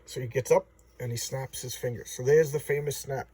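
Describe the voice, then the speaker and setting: This man, a comic book reviewer, talks briskly in a steady, warm, husky voice of medium pitch. He rambles eagerly through casual chat, full of fillers and false starts, recorded from a distant mic.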